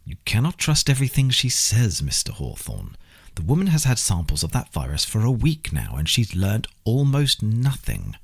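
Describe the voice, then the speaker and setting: A man reading an audiobook, voicing a smug, sneering oligarch boss with a thick Slavic accent who speaks slowly and menacingly. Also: on the low side, wildly swooping pitch, creaky, husky, voice pushed up, heavily acted. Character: sneering middle-aged male oligarch boss.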